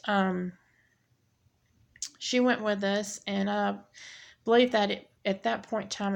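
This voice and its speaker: A woman giving a personal testimony, speaking haltingly with many pauses and restarts. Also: mid-range voice, creaky. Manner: halting, with frequent ums and restarts. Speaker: speaker sharing her testimony. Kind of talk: personal testimony, unscripted storytelling.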